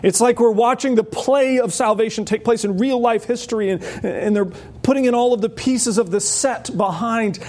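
A man with a high tenor voice preaching an expository sermon, animated and acting out voices. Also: husky.

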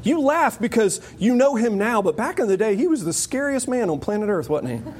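A man preaching a sermon in a lively, joking way, often acting out the voices of the people he quotes. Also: high-pitched, a little fast, slight background noise. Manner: animated, jokey, acts out quoted voices. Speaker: pastor.

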